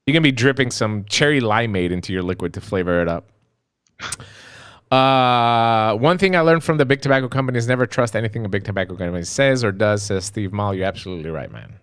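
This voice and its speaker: A man co-hosting a casual live stream, reading viewer comments and ranting with lots of profanity, dropping to mutters and rising to shouts. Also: lowish voice, fast, clear, resonant tone, no room sound, studio quality. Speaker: co-host of a live vaping talk stream.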